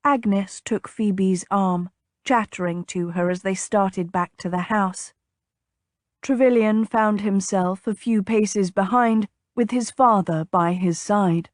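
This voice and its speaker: Slow, measured woman audiobook narrator. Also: mid-range voice, no echo, studio quality. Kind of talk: scripted romance narration.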